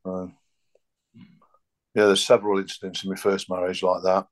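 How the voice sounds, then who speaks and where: Middle-aged man, very deep monotone, unpolished guest. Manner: halting, plain-spoken. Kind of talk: casual chat.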